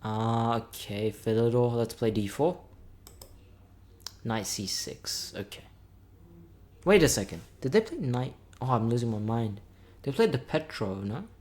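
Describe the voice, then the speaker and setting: A man's voice: medium pitch, very animated, a little slow, long pauses, darkish tone. Tired, chatty man calling chess moves. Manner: upbeat, chatty, muttering moves to himself. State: a bit tired. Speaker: chess content creator. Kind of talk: thinking aloud while playing blindfold chess.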